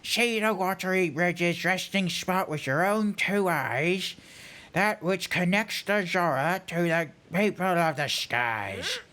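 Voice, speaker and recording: A man's voice: sits high, expressive, slow pace, bright, forceful tone, full character voice. A man voicing a weary, formal old male fish-man scholar, talking through stuck-out teeth. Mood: solemn. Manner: pompous, formal, buck-toothed delivery. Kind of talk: voicing game dialogue on a livestream.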